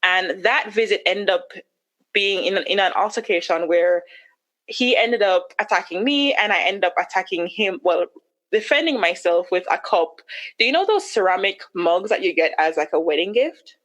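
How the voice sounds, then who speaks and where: A woman's voice: animated, normal speed. Candid woman recounting a painful story. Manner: candid, acts out her own past words with sharp rises in pitch. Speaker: podcast guest. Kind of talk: personal storytelling.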